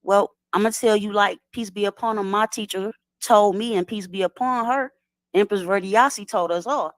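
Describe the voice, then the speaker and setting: A woman's voice: mid-range voice, moderate pace, dry recording. Woman explaining in a dry room. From Detroit, USA. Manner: explanatory, asks "right?" often, street slang. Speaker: guest. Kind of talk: casual conversational lecture.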